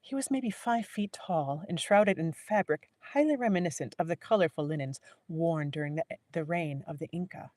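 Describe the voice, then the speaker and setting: A woman narrating a novel in a live audiobook reading, measured and willing to restart a line. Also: low-pitched, darkish tone, no room sound. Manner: measured, restarts lines to correct herself.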